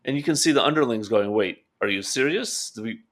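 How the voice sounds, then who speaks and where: A man's voice: medium pitch, expressive, fairly quick, a bit bright. A man co-hosting a political talk show, casual and conversational, checking in with "right?". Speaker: podcast co-host. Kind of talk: political commentary chat.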